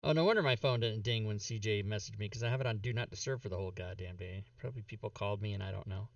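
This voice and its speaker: A man's voice: on the low side, very fast, no echo, far from the mic, highs cut off. Chatty man a bit off mic. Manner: rambling, chatty. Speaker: player. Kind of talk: casual chat.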